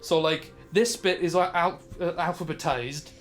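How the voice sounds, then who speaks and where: A man's voice: fairly high pitch, fairly even intonation, normal speed, faint music behind. Rambling man running a tabletop game. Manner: rambling, filler-heavy descriptions. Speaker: game master.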